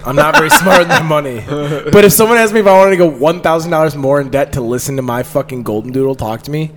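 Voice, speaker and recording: A man's voice: a little high, quick pace, crowd noise. A man co-hosting a casual podcast chat, swearing and laughing as he argues his point. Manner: animated, swearing, laughs often. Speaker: podcast co-host. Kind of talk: casual group banter.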